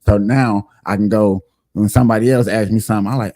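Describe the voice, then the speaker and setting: Mellow low-voiced man hosting. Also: steady tone, quick pace, dry recording, clean studio sound. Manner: emphatic, chatty, addresses viewers directly. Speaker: livestream show host. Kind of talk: casual livestream talk.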